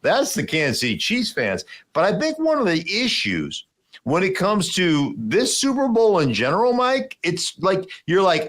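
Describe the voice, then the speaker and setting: Animated man telling sports stories. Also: moderate pace. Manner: animated storyteller, acts out voices in big jumps of pitch. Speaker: podcast host, former football player. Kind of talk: casual sports chat.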